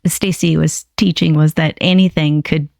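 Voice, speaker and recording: A woman's voice: low voice, steady tone, moderate pace, creaky, a little mellow, no echo, studio quality. An older woman hosting a casual livestream as a puppeteer, chatty and rambling. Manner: chatty, rambling, self-deprecating.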